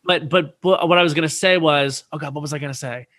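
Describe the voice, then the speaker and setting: A man in his thirties telling a story as a podcast guest, animated, jumping up high in pitch whenever he quotes someone. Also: fast. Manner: animated, swoops high when quoting people.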